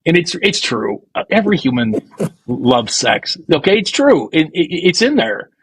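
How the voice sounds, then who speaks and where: Husky guy podcast host, kinda high voice, rambles and jokes crude, dry studio sound. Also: big pitch swings, normal speed, no echo, poor audio. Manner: rambling, bawdy, playful, acts out quoted lines. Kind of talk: crude comedic podcast banter.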